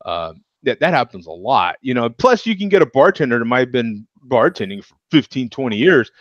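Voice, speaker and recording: A man's voice: mid-range voice, big pitch swings, a little fast, no room sound, dull audio. A man hosting a casual beer chat show, talking loosely and chuckling as he rambles. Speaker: host.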